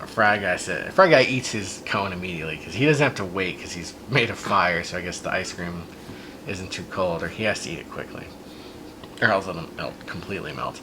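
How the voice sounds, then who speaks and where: A man's voice: low-pitched, a little fast, background noise. A man hosting a podcast, casually and animatedly retelling a child's silly story, with plenty of fillers and restarts. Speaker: podcast host.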